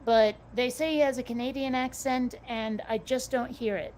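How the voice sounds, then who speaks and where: A woman co-hosting a casual chat, talkative and quick to swear, often restarting her sentences. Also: on the high side, steady tone, a little mellow, a little hiss or hum.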